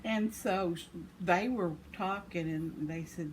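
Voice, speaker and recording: A woman's voice: low voice, measured pace. An older woman, casually telling a rambling story with self-deprecating chuckles. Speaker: vlogger. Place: home. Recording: noisy home recording.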